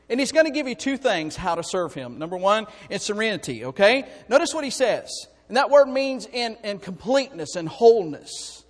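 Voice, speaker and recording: A man preaching a sermon to his congregation, swinging from soft, musing asides to loud, rising calls, with frequent restarts and jokes with the crowd. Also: high-pitched, long reverb tail. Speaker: pastor. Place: church sanctuary.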